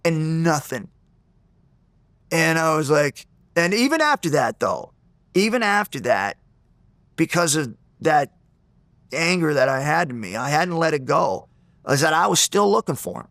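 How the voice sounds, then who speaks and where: A man being interviewed, telling a story in an animated way, acting out the people in it and often restarting and repeating words. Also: fairly high pitch, measured pace, dry recording. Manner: animated, acts out the people in his stories. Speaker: interview guest.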